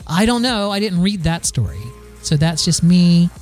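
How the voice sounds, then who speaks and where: A man's voice: high voice, expressive, moderate pace, a little mellow, faint music behind. A man hosting a podcast, riffing through the news in a casual, sarcastic way, full of fillers and restarts. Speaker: podcast host.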